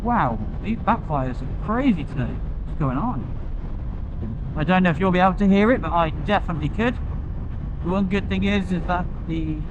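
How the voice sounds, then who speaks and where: Breathless man vlogging from a motorcycle helmet. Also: a little high. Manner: chatty, rambling, relaxed. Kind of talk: casual riding vlog commentary. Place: riding a motorcycle on a road. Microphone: lavalier mic inside a helmet. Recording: dull lo-fi helmet mic with wind noise. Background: wind and road traffic noise.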